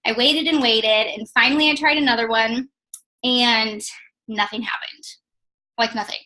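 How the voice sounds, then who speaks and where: A woman's voice: fairly high pitch, steady tone, moderate pace, sharp tone, rough recording. A young woman telling her personal story in a casual testimonial, chatty and full of "like" and "um". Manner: chatty, many fillers like "like" and "um". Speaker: network marketing distributor.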